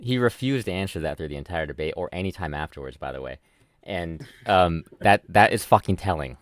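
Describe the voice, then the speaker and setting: A man's voice: deep voice, lively intonation, brisk, soft background music. A man hosting a casual commentary chat who rambles, swears freely and mocks himself. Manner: rambling, swears a lot, self-mocking. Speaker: host.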